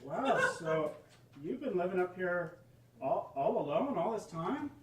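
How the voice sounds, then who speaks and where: A man playing a curious visitor from a theater troupe in a live stage sketch, eager and halting. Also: high voice, lively intonation, echoey room. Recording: distant stage voice with loud noise.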